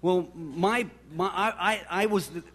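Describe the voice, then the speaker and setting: A man's voice: high-pitched, a little slow. A middle-aged man preaching a sermon, telling personal stories and acting out what people said. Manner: storytelling, animated, acts out quoted voices. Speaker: pastor.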